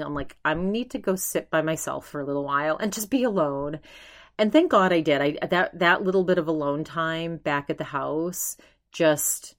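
A woman with a slightly low-pitched voice hosts her own podcast. She tells a long personal story on her own, chatty and animated, starting over mid-sentence and acting out what she and others said. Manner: chatty and animated, with many restarts and acted-out quotes. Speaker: podcast host. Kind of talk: casual solo storytelling.

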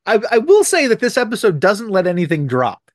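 A man's voice: high voice, wildly swooping pitch, fairly quick, no echo, clean studio sound. A man co-hosting a podcast, joking wryly as he recaps a TV episode and quoting lines in funny voices. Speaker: podcast co-host. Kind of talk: casual chat recapping a TV episode.

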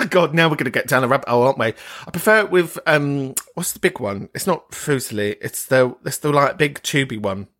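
A man hosting a podcast, chatting casually and swearing freely as he reacts to listener voice notes, gossipy and quick to laugh. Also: medium pitch, animated, fairly bright tone. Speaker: podcast host.

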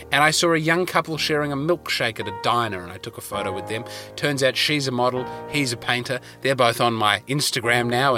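An Australian man tells comic stories in a rambling, wry way, breaking into animated asides. His voice is bright and forward, at a middling pitch. He records from inside a parked car, with faint music underneath. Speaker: comedian podcast host. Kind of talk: casual comic storytelling. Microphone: podcast mic in a car.

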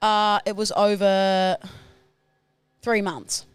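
A woman of middling pitch co-hosting a loose comedy chat, quick to laugh and to tell her partner off. Her voice sounds dry and close to the mic. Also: level tone, clean tone, dry recording. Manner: laughing, playfully scolding. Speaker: podcast co-host.

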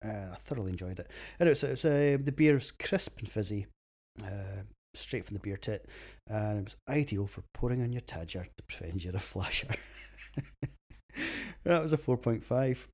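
A man's voice: on the low side, expressive, normal speed, a little mellow. A Scottish man hosting a beer podcast, reading a casual, crude, self-mocking script and laughing at his own jokes.

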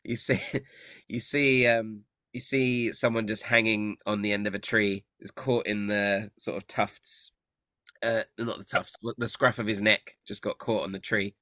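A man's voice: fairly low pitch, steady tone, unhurried, bright, forceful tone, no echo, studio quality. A man narrating a tabletop game as game master, laughing often.

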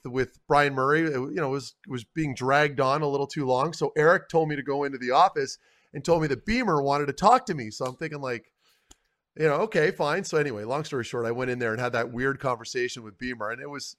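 A man's voice: mid-range voice, fairly quick. A man co-hosting a casual sports talk show, telling a long story in a rambling way that keeps trailing off. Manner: rambling, self-correcting, trailing off quietly. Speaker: co-host, former hockey player.

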